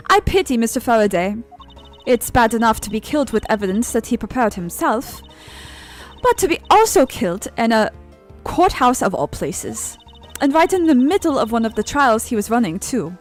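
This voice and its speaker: A woman voicing a composed male prosecutor, reading video game dialogue aloud in a measured, dry manner. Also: fairly high pitch, very animated, soft background music. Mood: wry.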